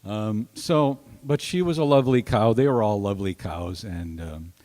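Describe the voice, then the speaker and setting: A man introducing his songs at an open mic, soft-spoken and halting, pausing often, speaking into a stage microphone. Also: lowish voice. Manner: soft-spoken, halting, with many pauses and fillers. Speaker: singer-songwriter performing at an open mic. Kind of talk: casual stage talk between songs. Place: small arts venue stage, indoors. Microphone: stand microphone on stage. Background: guitar playing.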